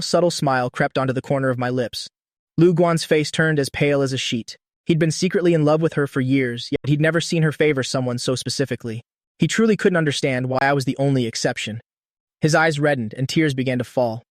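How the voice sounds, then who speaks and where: A man reading a scripted story narration in a steady, even storytelling manner. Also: on the high side, brisk, no echo, clean studio sound.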